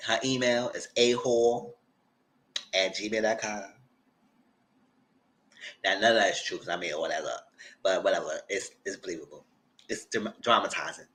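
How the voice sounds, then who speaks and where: A man hosting a TV recap channel, retelling a story loudly and dramatically, with swearing and "girl" and "y'all" asides, sometimes squealing high voices for the people he quotes. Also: fairly even intonation, moderate pace, pauses often. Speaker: channel host reviewing TV. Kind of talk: animated casual recap.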